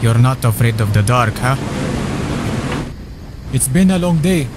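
Woman doing a gruff stern ship captain. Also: animated, measured pace, background noise. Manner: low, gruff, commanding. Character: stern secretive adult male ship captain. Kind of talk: voicing game dialogue.

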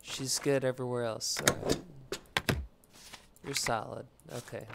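A man's voice: mid-range voice, steady tone, a little slow, vocal fry, heavy background noise. A man giving loose let's play commentary while playing a game, rambling, joking and swearing casually. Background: video game music.

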